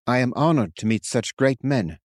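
A man's voice: medium pitch, lively intonation, moderate pace, darkish tone, dry recording, clean studio sound, close to an everyday voice. Curian, a man voicing a humble young leader. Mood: earnest. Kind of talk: audiobook character voice.

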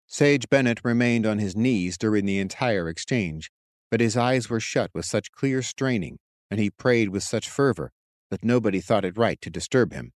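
A man with a lowish voice narrating a fantasy audiobook, reading steadily and evenly. The sound is dry and close, with no room around it. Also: animated, normal speed, no echo. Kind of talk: scripted narration.

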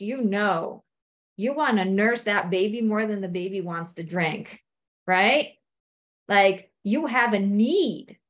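A woman giving a motivational talk on marriage to a women's group, lively and conversational, acting out quoted voices and often checking in with "okay?". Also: medium pitch. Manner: animated, acts out quoted voices, frequent "like" and "okay?". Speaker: speaker addressing a women's group.

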